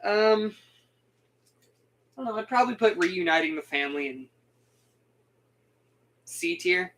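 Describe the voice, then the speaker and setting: A young man rambles through a casual game recap, animated and quick to laugh. His voice sits high and bright. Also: a little hiss or hum, low-quality recording. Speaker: gaming video host.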